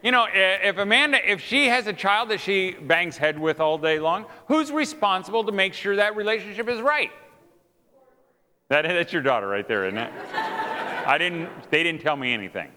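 A middle-aged man giving a humorous sermon to an audience in a large hall, animated and jokey, acting out the voices of the people in his stories. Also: high voice, moderate pace, slight background noise. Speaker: speaker at a marriage event. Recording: long hall reverb.

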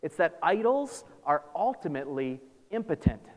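A man preaching a sermon as pastor, animated, acting out scripture with sarcastic asides. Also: on the high side, normal speed. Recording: long reverb of a large hall.

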